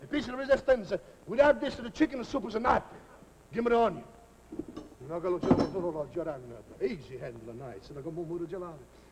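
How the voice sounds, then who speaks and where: A boisterous mock-Italian cook. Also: male voice, high-pitched, fairly quick. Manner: broken English mixed with Italian-sounding double-talk, excitable. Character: boisterous middle-aged male Italian cook. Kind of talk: live TV comedy sketch. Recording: scratchy hissy 1949 television recording.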